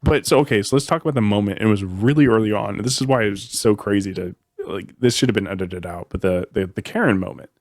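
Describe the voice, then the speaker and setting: Brief: male podcast host, low voice, rambling and hedging, dry close mic. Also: quick pace, few pauses, darkish tone, dry recording. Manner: rambling, hedging, trails off often. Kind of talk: casual book discussion chat.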